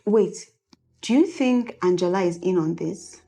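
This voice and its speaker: An actress playing a calm friend who confides suspicions in a film drama. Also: female voice, on the low side, a little slow, vocal fry, faint music behind. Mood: confiding. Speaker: film character.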